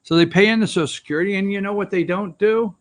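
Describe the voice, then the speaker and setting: A man's voice: high-pitched, quick pace. A man hosting an opinion talk show, ranting with sarcastic, rambling asides.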